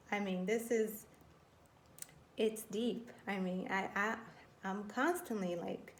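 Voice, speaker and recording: A woman in her thirties giving an earnest, conversational Christian talk on parenting, often circling back with "you know" and restarting her thoughts. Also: mid-range voice. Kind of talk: faith-based parenting talk. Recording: roomy, with faint background noise.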